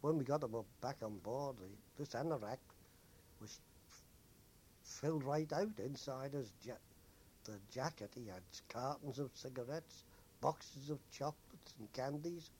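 An older man recalls his days at sea for an oral history. His voice sits at an ordinary middle pitch. He tells his anecdotes in an unhurried, easygoing way. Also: a little mellow, slight background noise. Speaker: former merchant seaman.

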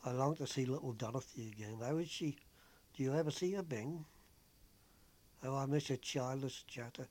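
A tender young nurse, homesick and devoted, talks with quiet earnestness, as a man reads her part. Her pitch sits in the middle, with no falsetto. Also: moderate pace, pauses often, close to an everyday voice.

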